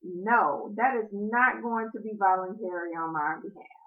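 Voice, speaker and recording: A woman's voice: medium pitch, unhurried. A woman co-hosting a casual chat with her husband, blunt and emphatic in her opinions. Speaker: podcast co-host. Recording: tinny phone-like audio.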